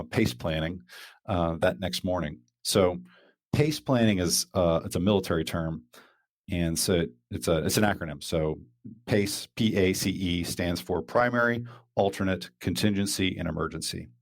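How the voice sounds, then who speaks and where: A man's voice: sits low, measured pace, no echo, studio quality. A man hosting a casual podcast chat, talking loosely with lots of fillers and restarts. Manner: rambling, many fillers and restarts. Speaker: podcast host.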